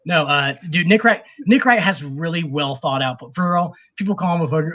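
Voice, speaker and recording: Male co-host, high voice, profane rambling sports-chat storyteller. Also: fairly quick, fairly bright tone. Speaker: podcast co-host. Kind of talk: casual sports talk.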